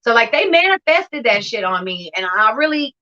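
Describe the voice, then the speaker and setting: A woman's voice: on the high side, very animated, normal speed, pushed and bright, lo-fi sound. A woman telling her recovery story in a livestream interview, blunt and profane, acting out scenes as she talks. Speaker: guest sharing recovery story.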